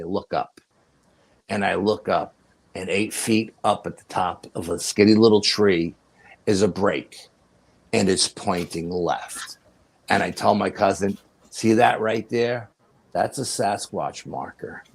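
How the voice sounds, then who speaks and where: Gravelly low-voiced man telling a story. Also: normal speed. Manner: animated, profanity, laughs while telling. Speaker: podcast guest. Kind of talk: casual storytelling.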